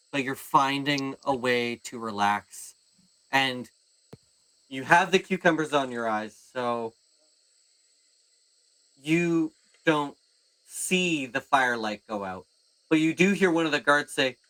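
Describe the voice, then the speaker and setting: A man narrating as game master in a casual, animated way. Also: medium pitch. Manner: animated, casual, swears freely.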